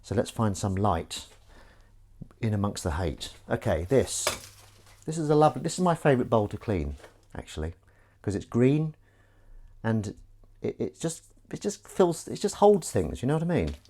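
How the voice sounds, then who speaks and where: A man's voice: on the low side, big pitch swings, moderate pace, darkish tone. A man hosting a live stream as he washes up, rambling and joking at his own expense and swearing casually. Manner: jokey, self-mocking, chatty, swears casually. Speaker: livestream host. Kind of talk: rambling live-stream chat while washing up.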